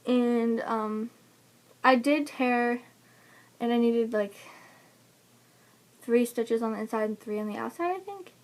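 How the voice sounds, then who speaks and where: With a fairly high voice, a young new mother tells her birth story in a casual vlog, speaking slowly and pausing often. She's chatty, laughing frequently between fillers.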